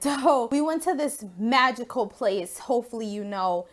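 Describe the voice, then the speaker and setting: Young woman vlogger, slightly high-pitched, recorded on a phone at home, lively storyteller with plenty of cursing. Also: moderate pace. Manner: animated, swears freely, acts out quotes. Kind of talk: casual storytime vlog.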